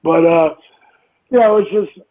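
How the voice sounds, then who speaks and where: A man in his fifties, an interview guest telling stories in a casual, animated way, acting out quotes and swearing freely. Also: high voice, a little slow. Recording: tinny phone-line audio.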